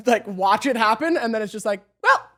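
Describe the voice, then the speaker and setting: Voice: medium pitch, brisk, a bit bright. A podcast co-host in casual chat, laughing often while recapping an episode.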